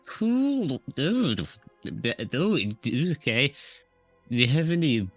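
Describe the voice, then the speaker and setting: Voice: mid-range voice, big pitch swings, slow pace, soft background music, voice pushed up. A player voicing a drunk adventurer in a put-on Scottish accent, rambling and slurring during a tabletop game. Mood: tipsy rambling. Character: drunk mushroom-sprouting adventurer Lugus. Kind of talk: tabletop role-play in character.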